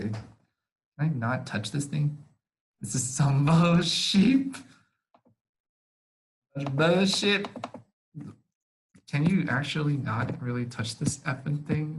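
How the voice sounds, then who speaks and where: A man's voice: mid-range voice, poor audio. Young man, student tutor on a computer mic, casual and flustered, swears freely. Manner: casual and easily flustered, swearing and laughing at himself. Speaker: supplemental instruction leader.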